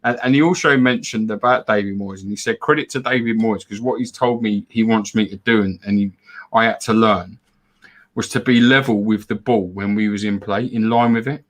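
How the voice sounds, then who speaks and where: A man's voice: fairly low pitch, a little fast. A man talks loosely on a fan live stream, repeating words as he goes. He chats about the game and reads out donors' names. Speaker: fan show co-host. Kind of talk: casual football fan chat.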